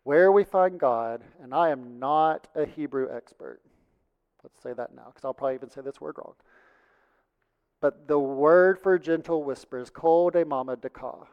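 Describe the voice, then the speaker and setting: A man preaching a sermon and reading Scripture, emphatic, swinging from loud passages to hushed ones. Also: on the high side, moderate pace, smooth. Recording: dull lo-fi sound with long hall reverb.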